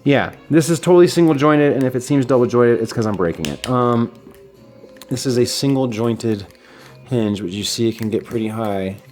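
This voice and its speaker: A man's voice: mid-range voice, moderate pace, darkish tone, soft background music. A man casually reviewing a collectible action figure, enthusiastic and chatty, with fillers and restarts. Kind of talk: casual unboxing talk.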